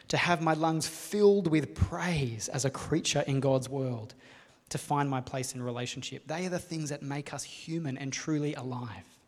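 Man, preacher, sermon, earnest and measured, rhetorical questions, long hall reverb. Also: medium pitch. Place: hall with a live audience.

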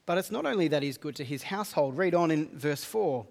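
In a church hall full of echo, a man delivers a sermon, reading verses aloud and earnestly explaining them. His voice is slightly high for a man, creaky, animated and a bit quick, with the hall's long reverb trailing each phrase.

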